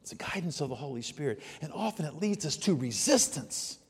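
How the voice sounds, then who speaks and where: A man preaching a sermon, telling stories and moving from hushed asides to loud, emphatic outbursts. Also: a little high, lively intonation, brisk, breathy edge, long reverb tail. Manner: storytelling, swings from soft asides to loud exclamations. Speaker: pastor.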